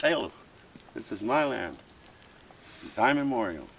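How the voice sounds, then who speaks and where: A man's voice: medium pitch, sing-song, measured pace, creaky, fairly bright tone, slight background noise, low-quality recording. A man, a First Nations chief, arguing with police in a heated face-to-face exchange, impassioned and pleading, repeating his points over and over. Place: outdoor protest camp.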